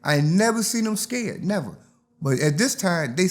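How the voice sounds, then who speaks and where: A man's voice: sits high, lively intonation, moderate pace. An older man, telling stories from his youth in a casual interview and acting out the voices. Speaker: interview guest.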